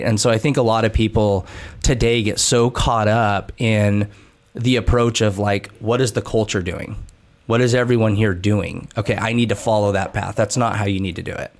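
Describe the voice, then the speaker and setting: Earnest man talking about his goals. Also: lowish voice. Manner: earnest, reflective, many restarts. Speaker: guest, endurance coach. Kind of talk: conversational podcast interview.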